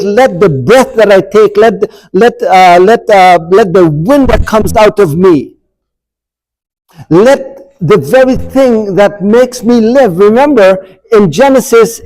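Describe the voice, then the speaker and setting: A man teaching an adult church forum, asking the group questions and reading scripture verses slowly. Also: high-pitched, darkish tone, rough recording. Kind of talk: Bible study lecture. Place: church meeting room.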